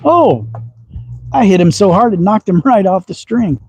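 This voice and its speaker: A high-pitched, warm voice with a breathy edge comes from a Texas man with a slight Southern accent hosting a casual slingshot livestream. He talks a little fast, folksy and teasing, chuckling often as he shoots on his outdoor backyard range. The recording is rough.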